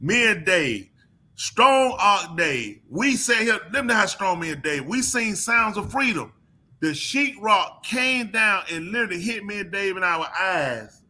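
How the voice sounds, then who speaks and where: A man co-hosting a live call-in show, telling stories in casual banter with loud bursts of laughter. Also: high-pitched, measured pace. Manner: animated storytelling with loud laughs. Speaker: co-host.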